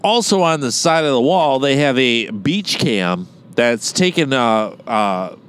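A man's voice: mid-range voice, lively intonation, a little slow, fairly bright tone, smooth. A man from Michigan co-hosting a podcast, ranting in a mock-outraged, profane way during casual banter. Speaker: podcast co-host.

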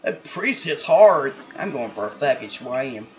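A man's voice: medium pitch, very animated, unhurried, lo-fi sound, slight background noise. A man voicing a cranky, foul-mouthed male ninja turtle who grumbles about a sore head. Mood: grumpy. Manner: grumbling, cursing. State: complaining of a headache.

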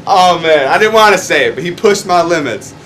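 A young man, a stuntman, telling a rambling, profane story in casual chat the morning after a wild night, getting loud and excited as he acts out the fights. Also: fairly high pitch, fairly quick, a little hiss or hum. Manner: profane, excitable, swings loud when reenacting. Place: hotel room.

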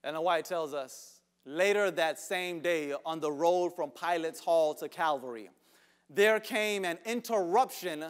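High-voiced pastor preaching with big dynamic swings. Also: male voice. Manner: swings from hushed whispers to shouted outbursts; repeats words for emphasis. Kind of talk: sermon. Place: church sanctuary.

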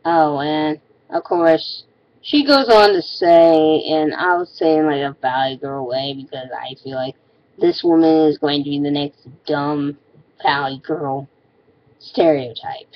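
A woman's voice: sits low, muffled recording, a little hiss or hum. A woman ranting in a casual vlog, exasperated and sarcastic, often stopping and restarting her sentences. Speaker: vlogger.

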